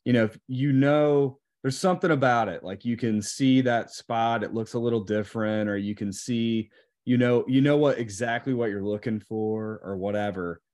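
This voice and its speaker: A young man from Indiana, a podcast guest, talking in a relaxed, rambling way with many fillers. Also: medium pitch, normal speed. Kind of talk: casual chat.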